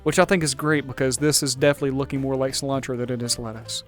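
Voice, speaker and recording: Fast, jokey male gaming host. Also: fairly high pitch. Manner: upbeat, jokey and chatty. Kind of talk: casual gameplay commentary.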